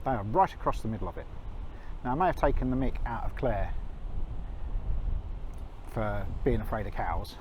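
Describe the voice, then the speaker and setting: A man's voice: on the low side, animated, moderate pace, pauses often, darkish tone, a little hiss or hum, low-quality recording. A man with a chatty, self-mocking manner, talking to a handheld camera while out on a country walk. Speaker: vlogger. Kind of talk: walking vlog to camera.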